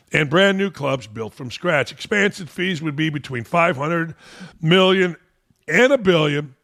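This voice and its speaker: A man's voice: fairly high pitch, creaky, a bit bright. A man hosting a sports talk show, delivering a sarcastic, mocking commentary rant.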